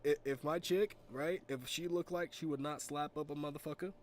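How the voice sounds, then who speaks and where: A man's voice: a little high, fairly even intonation, fairly quick, a little hiss or hum. Rambling, profane streamer man. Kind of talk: casual storytelling chat.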